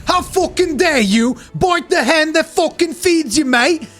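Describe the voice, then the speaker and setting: A loud, brawling Cockney bloke with an exaggerated accent, bellowing high and hard as he dares someone to step outside, as a man puts him on. He sounds quarrelsome and confrontational from start to finish. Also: lively intonation, unhurried, soft background music, full character voice. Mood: outraged. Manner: shouting, taunting, confrontational. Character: brash angry Cockney bloke spoiling for a fight.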